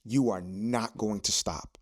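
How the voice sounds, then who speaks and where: Man, podcast host, lowish voice, preachy and repetitive, motivational monologue. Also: slow. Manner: preachy, repeats phrases for emphasis.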